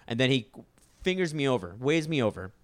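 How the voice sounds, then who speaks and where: A man's voice: mid-range voice, sing-song, fairly quick, no room sound. A young man co-hosting a podcast, telling a story in casual chat and acting out other people's lines.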